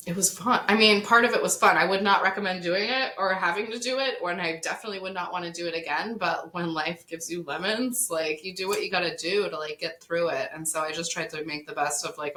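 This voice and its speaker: A woman guest on a podcast, casually telling a personal story in an animated way, often laughing. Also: fairly low pitch. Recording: echoey room.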